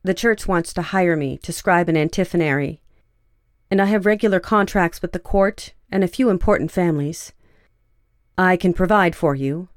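A woman voicing a nervous, awkward young woman scribe who speaks in a halting, low-key way. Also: no echo, studio quality, close to an everyday voice.

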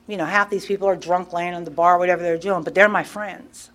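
A woman's voice: lowish voice, steady tone, a little fast, fairly bright tone. A middle-aged woman candidly telling her own recovery story, acting out her past self in quoted asides. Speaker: guest speaker sharing recovery story. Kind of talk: personal storytelling at a recovery meeting.

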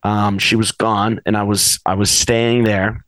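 A man's voice: fairly low pitch, flat delivery, measured pace, a bit bright, no echo, poor audio. Chatty, rambling male podcast host. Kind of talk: casual chat.

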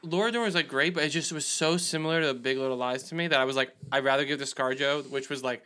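Fast, bright-voiced young man chatting. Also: a little high, smooth. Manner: rapid, animated, filler-heavy. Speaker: podcast co-host. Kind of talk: casual chat.

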